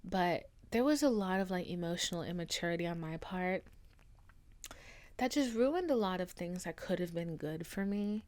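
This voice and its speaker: A woman's voice: fairly low pitch, expressive, moderate pace, a little mellow. A young woman hosting her own podcast, talking casually with lots of fillers and an affectionate tone toward listeners. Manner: chatty, frequent fillers, affectionate sign-off. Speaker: podcast host. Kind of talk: casual solo podcast chat.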